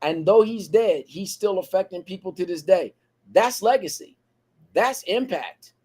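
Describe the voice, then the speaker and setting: A man's voice: high-pitched, animated, measured pace, mellow. A man co-hosting a podcast, talking in a preachy motivational cadence built on repeated phrases. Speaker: podcast co-host.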